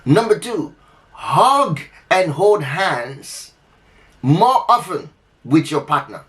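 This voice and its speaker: A man's voice: on the high side, sing-song, slow, a bit bright. A man hosting a relationship advice talk, speaking emphatically to the listener, often repeating and restarting his phrases. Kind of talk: unscripted advice talk to camera.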